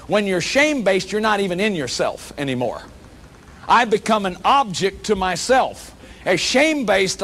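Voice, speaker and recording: Man, lecturer, earnest, emphatic, slightly high voice. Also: a bit bright. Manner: earnest, emphatic, often repeats words when restarting. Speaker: lecturer and workshop leader. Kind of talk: public lecture.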